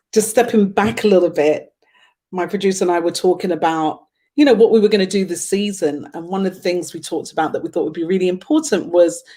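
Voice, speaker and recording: Middle-aged woman talk host, slightly low voice, chatty, playful, quick to laugh. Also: darkish tone. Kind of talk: casual talk show hosting.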